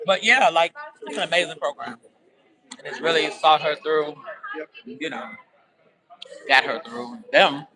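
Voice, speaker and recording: A man's voice: on the high side, unhurried, long pauses. Chatty man streaming amid a crowd. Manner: chatty, upbeat, addresses viewers directly. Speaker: vlogger at a graduation event. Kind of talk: casual live-stream chat. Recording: noisy crowd around the phone.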